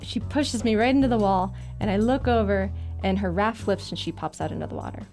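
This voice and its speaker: A woman recounts her own adventure in a casual, animated way, laughing and tumbling through her sentences with frequent "like". Her voice sits at an ordinary middle pitch. Soft music plays faintly in the background. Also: brisk, creaky. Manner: lively, breathless retelling with laughs and "like" fillers. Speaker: writer telling a personal story. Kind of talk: casual first-person storytelling.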